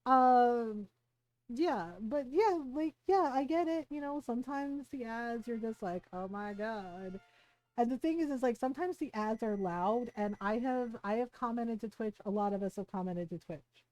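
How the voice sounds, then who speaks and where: A woman's voice: a little high, moderate pace, a little mellow, no room sound. A middle-aged woman streamer chatting casually while gaming, laughing often and swearing freely.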